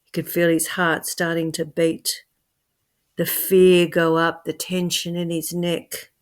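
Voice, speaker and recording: A woman telling a scary story in an expressive way, swinging from hushed to loud. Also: fairly low pitch, slow, clean tone. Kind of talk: dramatic spoken storytelling.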